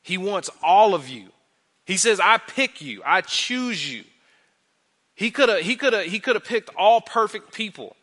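A man in his thirties preaching a conversational sermon, animated, repeating phrases for emphasis and using many fillers. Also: high-pitched, unhurried. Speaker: pastor.

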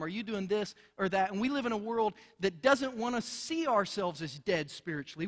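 A pastor preaching a sermon and acting out the people in the story in quick voices. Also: male voice, high voice, fairly bright tone. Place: church hall. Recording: church hall reverb.

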